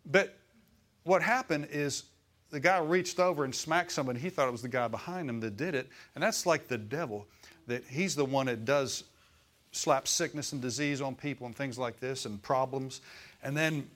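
A man's voice: medium pitch, normal speed, a bit bright. A male pastor preaching a sermon in a conversational way, often turning to the congregation with questions. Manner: acts out voices in quotes.

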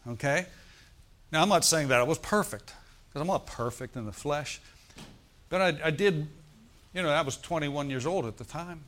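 A man's voice: fairly high pitch, moderate pace, pauses often, a bit bright. A middle-aged male preacher, telling a story and calling out to the congregation in a sermon. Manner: storytelling, asks the congregation for responses.

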